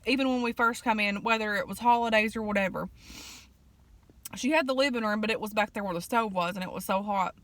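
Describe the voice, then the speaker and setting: A woman, chatting casually and telling family stories in an eat-with-me vlog, folksy, with fillers and throat clearing. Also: mid-range voice, fast, fairly bright tone, dry recording. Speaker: vlogger.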